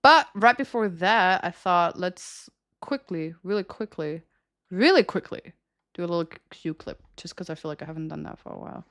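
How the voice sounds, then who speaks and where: A woman's voice: fairly low pitch, expressive, normal speed, a bit bright. A young woman streaming and chatting casually with viewers, giggling often and ranting with plenty of swearing. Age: young adult.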